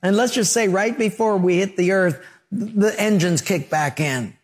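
A middle-aged male pastor preaching a sermon, telling lively stories with sound effects and acted-out quotes. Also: high-pitched, moderate pace, breathy edge, big-room sound.

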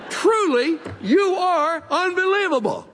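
A man's voice: very high voice, sing-song, slow, fairly bright tone, slight background noise, pitched above the performer's own voice, heavily acted. A man voicing Job, a sarcastic, suffering biblical man mocking his friends in an exaggerated tone. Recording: long reverb of a large hall.

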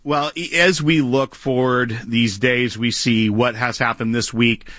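A man co-hosting a talk radio show, asking a guest questions in a halting way with many false starts. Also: medium pitch, steady tone, fairly bright tone, dry recording, studio quality. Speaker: co-host.

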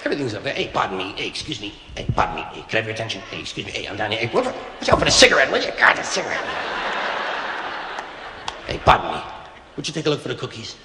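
A male comedian plays a small boy stuck below the grown-ups, pleading loudly and again and again for someone to get the cookies. His voice bounces up and down with lively pitch. It rings through a long-echo hall over a heavy wash of noise. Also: racing. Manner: loud, pleading, insistent. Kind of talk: stand-up comedy.

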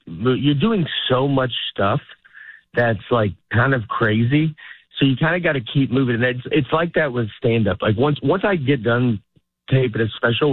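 A man's voice: medium pitch, no room sound. A stand-up comedian in his forties chatting loosely in an interview, often breaking off mid-thought and laughing. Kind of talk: casual interview chat. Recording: phone-like narrow line, dry.

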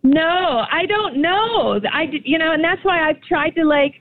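Woman, radio caller, flat low-energy talk, high voice, tinny phone line. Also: measured pace. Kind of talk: phone call.

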